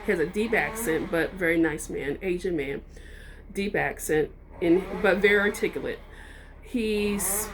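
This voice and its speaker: A woman's voice: mid-range voice, a little mellow, a little hiss or hum. A woman vlogger telling a personal story in a casual, rambling way, with frequent ums and restarts.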